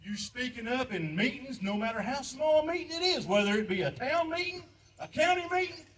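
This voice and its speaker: A man's voice: very high-pitched, expressive, fairly quick, fairly bright tone, distant mic. Older man preaching outdoors. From United States. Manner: preachy, pleading, repeats lines for emphasis. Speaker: veteran speaker at a memorial ceremony. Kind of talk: impassioned patriotic speech. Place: outdoor memorial park.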